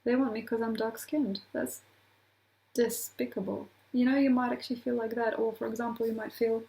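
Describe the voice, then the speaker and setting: Mellow, gravelly-voiced woman astrologer. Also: a little high, steady tone, normal speed, rough recording. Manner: rambling, with laughing asides and acted-out quotes. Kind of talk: casual rambling talk to camera.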